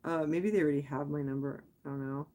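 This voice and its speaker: A woman from Quebec, a native English speaker, hosts a casual late-night livestream, answering viewers' comments. Her low, dark voice moves fast with fairly even intonation, and she rambles candidly, thinking aloud with lots of "like"s and restarts.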